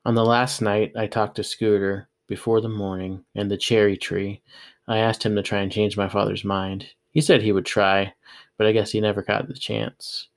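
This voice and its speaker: A man reading a novel aloud in a steady, plain storytelling manner. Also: fairly low pitch, moderate pace, gravelly. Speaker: audiobook reader.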